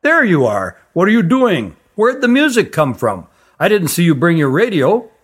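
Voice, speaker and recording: A relaxed father from a storybook, slightly raised in pitch, voiced by a male narrator. He speaks casually and gently dismisses what he hears. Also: normal speed, husky, full character voice. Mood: puzzled. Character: easygoing human father, a fisherman.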